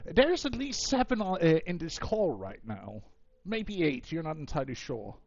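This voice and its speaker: A man narrating as game master in a casual, halting way with many fillers. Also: a little high, big pitch swings, creaky, lo-fi sound.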